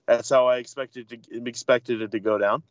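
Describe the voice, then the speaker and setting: A man's voice: mid-range voice, fairly even intonation, dry recording. Enthusiastic man on a dull dry mic. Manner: enthusiastic, halting with restarts. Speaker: podcast co-host. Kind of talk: casual chat.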